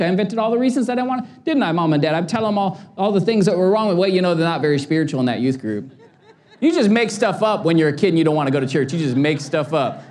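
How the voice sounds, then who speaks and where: A man's voice: high voice, sing-song, fairly quick, a little mellow. A man in his forties, a pastor preaching a sermon with passion and humorous stories. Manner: impassioned, storytelling with humor.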